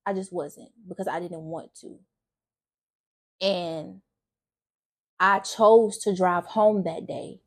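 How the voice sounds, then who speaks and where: This young faith vlogger's lowish voice holds a steady tone as she talks slowly, pausing often. Casual and earnest, she gives an emotional, open account of her faith, frequently starting sentences over.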